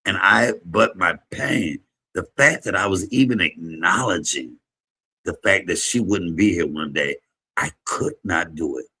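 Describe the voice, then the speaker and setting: A man hosting a livestream, giving an emotional, preacher-like testimony to his viewers, shifting from low murmurs to high exclamations. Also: a little slow, sharp tone, breathy edge. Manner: preacherly, call-and-response to viewers. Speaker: livestream host, comedian.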